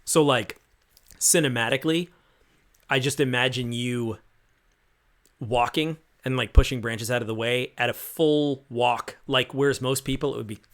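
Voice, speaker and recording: A man's voice: medium pitch, fairly even intonation, normal speed. A man running a tabletop game as game master, setting cinematic scenes in a casual, filler-laden way.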